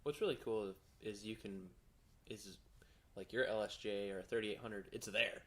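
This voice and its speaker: A man co-hosting a casual car podcast, explaining in halting phrases with many fillers. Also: fairly low pitch, fairly even intonation. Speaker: podcast co-host. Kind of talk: casual shop-talk podcast.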